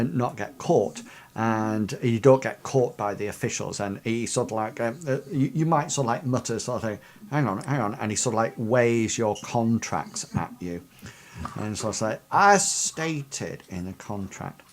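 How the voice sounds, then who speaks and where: Male game master, narrates a fantasy tabletop session, halting and rambling delivery. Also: medium pitch, a little mellow. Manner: rambling, many ums and sort-of-likes.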